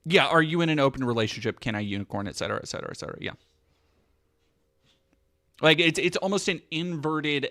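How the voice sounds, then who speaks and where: A male streamer riffing on clips in a loose, sarcastic way, swearing freely. His voice is bright and fairly high for a man, and it swings up and down a lot as he gets worked up. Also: fast talker, pauses often. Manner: animated, sarcastic, profane. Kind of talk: casual commentary on clips.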